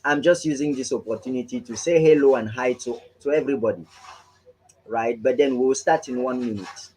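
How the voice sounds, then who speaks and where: A man's voice: mid-range voice, brisk, warm tone, rough recording. A man hosting a live online business training, welcoming viewers one by one in an upbeat, chatty way and often tagging on "right?".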